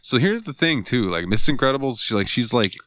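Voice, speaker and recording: A man's voice: medium pitch, animated, fast talker, fairly bright tone, no echo, studio quality. A man in his thirties co-hosting a podcast, talking crude, profane, jokey banter full of slang. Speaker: podcast co-host.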